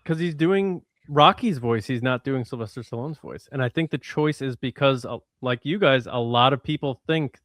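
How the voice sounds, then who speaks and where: A man with an average pitch co-hosts a casual podcast. He chimes in with brief, wry comments. The sound is close and dry, without reverb. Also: normal speed, hardly any pauses, a bit bright. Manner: short, wry interjections. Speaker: podcast co-host. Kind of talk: casual chat.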